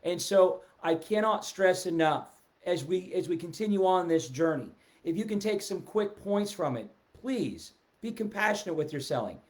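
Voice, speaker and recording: A middle-aged man giving a casual, animated sales talk on a live stream, seated and reading out viewer comments. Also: high voice, moderate pace. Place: indoors, seated in a chair. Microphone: webcam or phone at a desk, seated.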